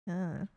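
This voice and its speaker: A woman streamer chatting casually with her viewers while she draws, giggling often and teasing them playfully. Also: no room sound. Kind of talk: casual live-stream chat while drawing.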